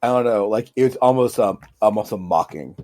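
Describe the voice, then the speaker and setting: Low, mellow-voiced man rambling on a podcast. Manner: rambling, halting restarts, laughs often. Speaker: podcast co-host. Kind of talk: casual chat.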